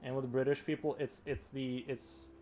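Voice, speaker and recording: A man's voice: medium pitch, little pitch movement, moderate pace, warm tone, soft background music. A man chatting casually on a live stream, rambling and using "like" a lot. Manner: rambling, heavy filler "like".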